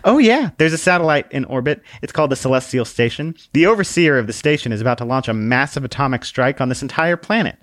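A man's voice: mid-range voice, animated, fast, hardly any pauses, a bit bright, no room sound, clean studio sound, voice pushed up, close to an everyday voice. A man voicing a sassy, condescending little female book who lectures bluntly. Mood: lecturing.

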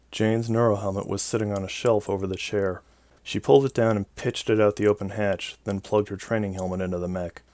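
A man narrating a science-fiction novel in a steady, even storytelling delivery. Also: on the low side, no echo. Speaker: audiobook narrator. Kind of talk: scripted narration.

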